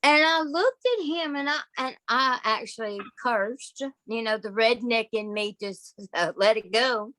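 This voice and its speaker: A woman's voice: a little high, measured pace, few pauses, sharp tone, no room sound. A woman telling a personal story in a folksy, emphatic way, speaking straight to her listeners. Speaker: guest sharing testimony.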